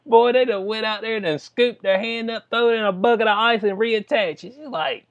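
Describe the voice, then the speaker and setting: A man talks in a casual, joking vlog style. His voice sits a bit high for a man. He reads lines from a news story, then breaks off to riff and laugh about it. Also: steady tone, moderate pace, highs cut off. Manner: reads news aloud, then jokes and riffs with frequent laughs. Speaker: commentary vlogger.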